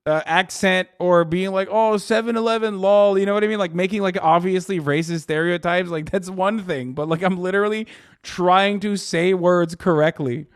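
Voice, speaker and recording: This livestreamer's voice sits high and moves at a normal speed, recorded in studio quality without any room echo. Chatting casually, he curses, laughs, erupts with animated outbursts, and mocks viewers through sarcastic, joking back-and-forth.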